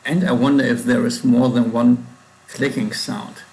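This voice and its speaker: Slow, gravelly man with German accent. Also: medium pitch, flat delivery, a little mellow, low-quality recording. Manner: slow, musing, self-correcting, trailing off. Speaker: coding livestream host. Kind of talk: thinking aloud while coding.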